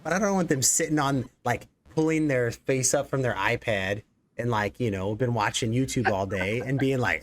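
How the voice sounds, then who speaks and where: An executive producer who also hosts the stream, this man speaks at medium pitch and a moderate pace. He rambles and jokes through a casual live stream, using lots of fillers.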